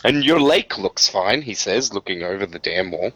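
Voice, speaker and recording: A man's voice: on the low side, animated, moderate pace, sharp tone, husky, no room sound. A man narrating a tabletop game as game master, loose and casual with frequent fillers.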